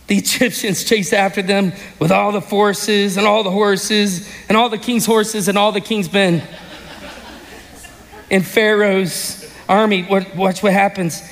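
Male pastor, high voice, animated sermon with shouted peaks, recorded in a hall with long reverb. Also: a little slow, vocal fry. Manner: animated storytelling, bursts into shouts. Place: church sanctuary.

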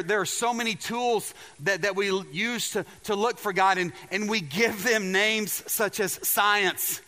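High-voiced man preaching in a reverberant hall. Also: pushed and bright. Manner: emphatic preaching with repeated words and questions to the audience. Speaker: pastor. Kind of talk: sermon.

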